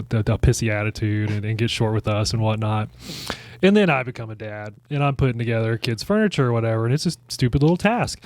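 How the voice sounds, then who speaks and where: A man's voice: mid-range voice, a little mellow, clean tone, no echo. A man co-hosting a podcast, chatting in an easygoing, candid way and laughing at himself. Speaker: podcast co-host. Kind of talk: casual chat.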